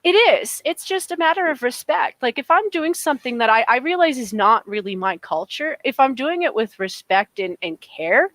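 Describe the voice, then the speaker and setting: A woman with a fairly high voice holds forth in casual podcast chat, emphatic and opinionated and often restarting her sentences. The sound is dry and close, with no room in it. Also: normal speed, hardly any pauses, no room sound. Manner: animated, emphatic, with frequent restarts. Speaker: podcast co-host.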